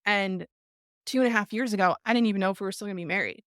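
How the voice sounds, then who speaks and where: A woman's voice: medium pitch, racing, fairly bright tone, dry recording, studio quality. A middle-aged woman hosting a podcast, speaking earnestly and tearfully in a reflective live talk, repeating phrases for emphasis. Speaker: podcast host.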